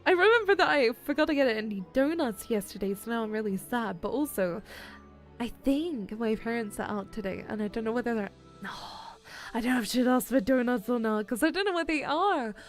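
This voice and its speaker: A woman's voice: fairly high pitch, expressive, brisk, faint music behind. A young adult woman streamer chatting casually with her viewers, giggling often and whining in a playfully dramatic way. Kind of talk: casual livestream chat.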